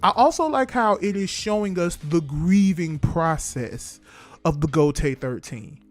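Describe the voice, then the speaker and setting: A young man casually reviewing an anime episode, with animated, slangy delivery. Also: on the high side, measured pace, faint music behind. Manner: animated, slangy, acts out scenes.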